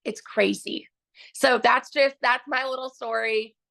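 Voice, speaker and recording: A young woman with a high voice tells her success story in a gushing, emphatic rush, circling back to repeat her key phrases. Her tone rings bright and forward, and she sounds thrilled and fired up the whole way through. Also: fairly even intonation, measured pace, vocal fry. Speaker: customer giving a testimonial. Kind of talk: excited personal success story.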